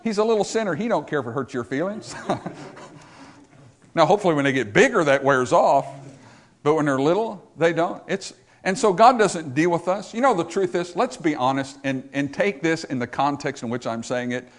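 Male pastor, slightly high voice, emphatic sermon delivery with big swings in loudness. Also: expressive, normal speed. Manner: emphatic preaching, rising and dropping for effect.

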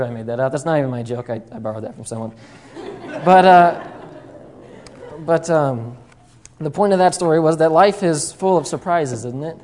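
A man's voice: on the high side, darkish tone. A man preaching a sermon, opening with a folksy joke told in a storytelling manner full of fillers and asides.

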